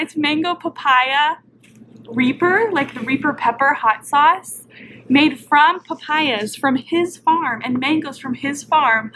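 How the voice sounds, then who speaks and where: Young woman, high voice, casual vlog chatter, rambling with fillers, faint background hum. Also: measured pace. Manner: rambling, lots of "like" fillers, animated. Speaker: vlogger. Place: apartment, indoors.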